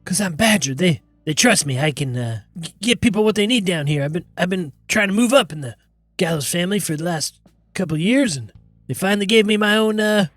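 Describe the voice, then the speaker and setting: A man's voice: high-pitched, lively intonation, brisk, dry recording, soft background music. A man voicing a nervous, defensive male gang underling who stammers and rambles as he pleads. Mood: pleading.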